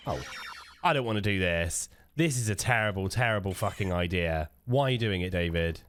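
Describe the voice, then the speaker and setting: Swearing gamer talking to himself. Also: male voice, sits low, expressive, fairly quick, a bit bright, a little hiss or hum. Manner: muttering to himself, swearing, joking. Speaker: let's play host. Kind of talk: casual gameplay commentary.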